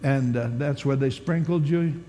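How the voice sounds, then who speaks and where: Animated preacher man in a reverberant hall. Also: medium pitch, a little slow. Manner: animated storytelling preacher, swings from loud to hushed. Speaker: pastor. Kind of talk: sermon. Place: large church hall at a conference. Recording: long hall reverb, faint background hiss.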